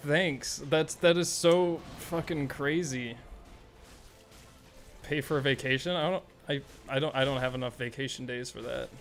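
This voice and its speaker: A young man chatting casually on a live gaming stream, excitable and rambling, swearing freely. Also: mid-range voice, unhurried, soft background music.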